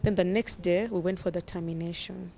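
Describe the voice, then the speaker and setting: A woman's voice: on the low side, fairly even intonation, a little fast, vocal fry, mellow, a little hiss or hum. A young woman, a guest telling her own story earnestly and often laughing through it. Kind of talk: personal storytelling.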